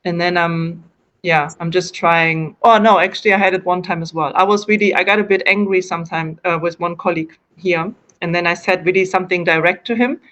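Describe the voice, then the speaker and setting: A woman's voice: lowish voice, fairly even intonation, brisk, fairly bright tone, dull audio. A woman from Germany with a German accent, answering interview questions in English in a casual, hesitant way, often restarting and correcting herself as she explains.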